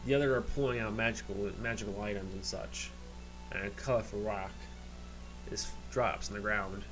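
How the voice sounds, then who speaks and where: Halting game master narrating. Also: male voice, on the low side, steady tone, fairly bright tone, soft background music, low-quality recording. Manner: halting, many fillers and restarts.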